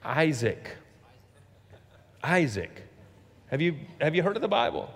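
A man's voice: a little high, sing-song, measured pace. A middle-aged man preaching a sermon as pastor, talking conversationally and tossing rhetorical questions and asides at the congregation. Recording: long reverb of a large hall.

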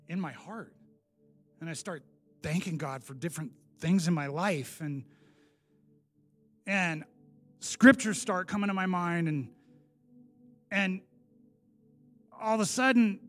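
A man preaching his personal testimony in a sermon, animated and self-deprecating, laughing at himself and swinging from loud bursts to hushed asides. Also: high voice.

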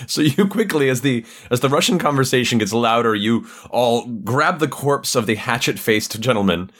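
A man narrating a tabletop game as game master, describing the scene in a measured way. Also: mid-range voice, lively intonation, fairly bright tone.

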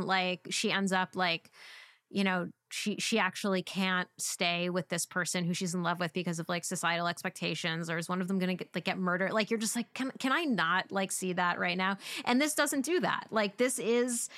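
A woman's voice: lowish voice, a bit bright, no echo, studio quality. A woman in casual conversation, reviewing a film with lots of "like" fillers. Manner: chatty, frequent "like" fillers. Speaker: podcast co-host.

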